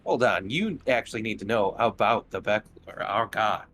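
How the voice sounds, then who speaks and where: A man playing a tabletop game, joking around in an animated way. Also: on the low side, moderate pace, slight background noise. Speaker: player.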